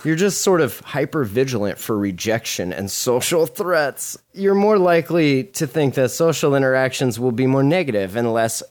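Crude deadpan podcast host. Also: male voice, mid-range voice, moderate pace, few pauses. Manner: crude deadpan jokes between read passages. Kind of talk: casual chat, reading articles aloud with jokes.

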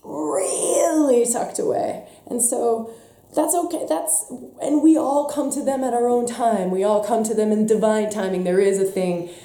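A woman leading a spiritual workshop talk on a live stream, emphatic, swinging between hushed and loud passages. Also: fairly high pitch, steady tone, normal speed, echoey room. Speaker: workshop leader.

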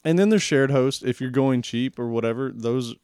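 A man's voice: medium pitch, normal speed, darkish tone, smooth, no room sound, clean studio sound. A man co-hosting a casual tech podcast, easygoing and rambling. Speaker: podcast co-host.

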